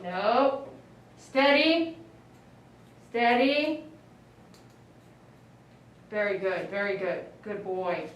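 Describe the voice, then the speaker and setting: A woman's voice: mid-range voice, very slow, pauses often, slight background noise. A woman grooming a dog on a live stream, cooing and praising it in baby talk, recorded in a grooming salon. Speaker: dog groomer and channel host. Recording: echoey room, mic some distance away.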